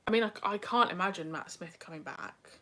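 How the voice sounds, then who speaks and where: The young female host reads her livestream chat fairly quickly, her medium-pitched voice pushed and bright. She's chatty and pokes fun at herself, occasionally whispering, all captured with casual home webcam sound.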